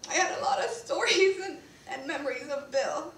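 A woman's voice: high voice, moderate pace, a bit bright. A woman who directs resident services at a senior community gives a eulogy at a memorial service. She is emotional, laughs through tears and keeps apologizing. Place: church sanctuary. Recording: echoey church from far off, faint hiss.

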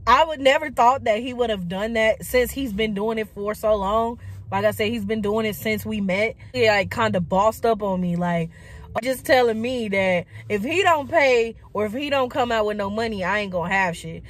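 A woman's voice: a little high, moderate pace, a bit bright. A woman vlogger telling a personal story in a casual, chatty way, full of likes and quoted asides.

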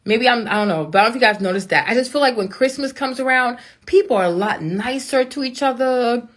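A woman who runs a makeup brand, chatting casually on a live stream to her followers in a bubbly, excitable way that now and then jumps into high squeals. She is speaking into a phone. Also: quick pace.

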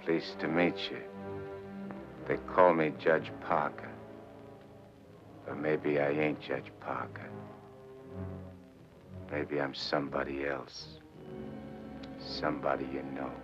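A middle-aged actor playing a tough gangster back from the dead, talking in slangy, sardonic menace in 1940s film style. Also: male voice, a bass voice, level tone, slow, long pauses, over music, full character voice. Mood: menacing. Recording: muffled 1940s film soundtrack with score.

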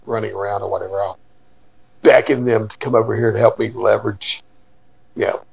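Husky, gravelly man at the game table. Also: lowish voice, fairly even intonation, a little fast, highs cut off. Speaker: player. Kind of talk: casual tabletop play.

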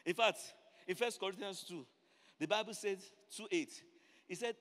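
A man preaching a sermon, building from quiet explanation to shouted, repeated refrains. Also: normal speed. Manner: builds from low talk to shouted climaxes, repeats phrases. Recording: long hall reverb.

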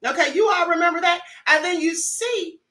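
A woman hosting a chatty livestream, with a high voice and a bright, forceful tone. She greets her viewers by name as she talks, and the sound rings in an echoey room. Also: normal speed. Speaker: livestream host. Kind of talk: casual livestream commentary.

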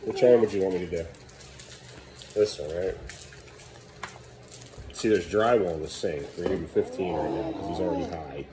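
Speaking at a moderate pace with long pauses, a weary father chats casually with his young kids in the family kitchen. He gets exasperated, raising his voice at a defiant child, and frequently fades into a low mumble. A crowd can be heard in the background.

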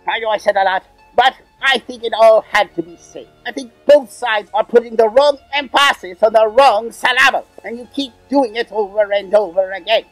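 A man's voice: high voice, normal speed, few pauses, a bit bright, dry recording, faint music behind, rough recording. A man voicing a sneering, cackling male demon villain in an in-character comedic rant. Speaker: comedy ranter.

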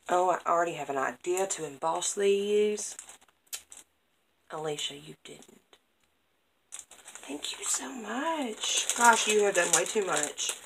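Slow, gravelly woman gushing over crafts. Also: on the low side, a bit bright, slight background noise, poor audio. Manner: gushing, gasping with delight at each item. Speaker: craft vlogger opening mail. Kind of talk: casual unboxing chat. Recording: crinkling packaging and clicks over the voice.

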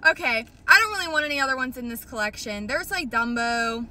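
A young woman chatting casually to her phone camera in a vlog, excitable and swearing freely. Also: fairly high pitch, quick pace, heavy background noise. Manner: excitable, swears a lot, squeals and shrieks. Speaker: vlogger.

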